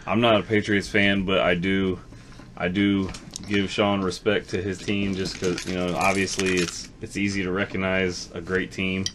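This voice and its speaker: A man's voice: sits low, flat delivery, normal speed, background noise. A man co-hosting a casual podcast, chatting in a laid-back way and swearing now and then. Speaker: podcast co-host. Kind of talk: casual chat.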